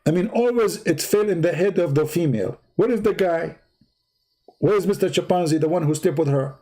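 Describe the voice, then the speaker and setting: A man hosting a livestream, retelling a story in a mocking, animated way in loose, nonstandard English. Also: sits high, brisk. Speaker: livestream host. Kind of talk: mocking religious commentary, casual.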